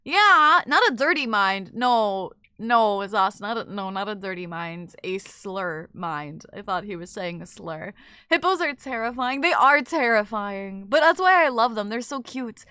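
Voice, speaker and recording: Bright-voiced chatty woman streamer. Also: mid-range voice, expressive, unhurried, clean tone, no room sound, clean studio sound. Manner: chatty, filler-heavy, trailing off with "I don't know". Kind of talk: casual chat reading viewer messages. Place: in bed at home.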